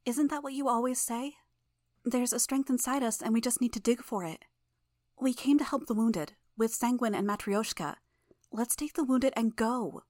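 A woman voicing a young tendril girl with a soft Russian accent, speaking gently in an audiobook reading. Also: a little high, normal speed, no echo, clean studio sound, voice pushed up, lightly acted. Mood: soft pleading.

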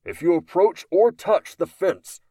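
A man voicing a gruff, authoritarian soldier giving orders over a loudspeaker. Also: sits high, unhurried, no echo, pitched above the performer's own voice. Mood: commanding. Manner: gruff, commanding.

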